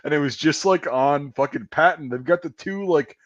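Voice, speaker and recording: With a fairly high-pitched voice at a moderate pace, a man on a podcast recounts a lengthy army story. He rambles, swears, and laughs at himself in a casual, self-deprecating manner. The audio sounds dry and dull.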